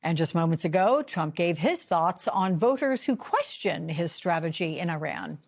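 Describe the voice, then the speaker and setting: A woman cable news anchor who reads copy crisply and puts pointed questions to a guest. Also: on the low side, lively intonation, normal speed.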